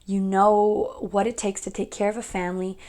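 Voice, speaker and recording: A woman's voice: medium pitch, little pitch movement, normal speed, dark tone. A young woman giving a casual pick-a-card tarot reading, chatty and rambling, often laughing at herself.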